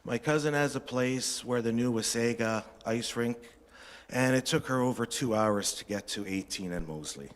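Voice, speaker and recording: During public comment in a council chamber, a resident addresses the town council in a blunt, rambling, combative manner. His voice is mid-range and moderately paced, and the room's long reverb colors the recording.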